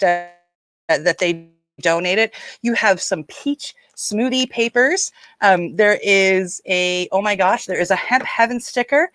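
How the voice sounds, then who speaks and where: A woman's voice: mid-range voice, fairly bright tone, no room sound. Woman, live-stream host, rambling friendly chat, mid-range voice, dry close sound. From Nova Scotia, Canada. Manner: chatty and rambling, greets viewers by name. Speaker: livestream host.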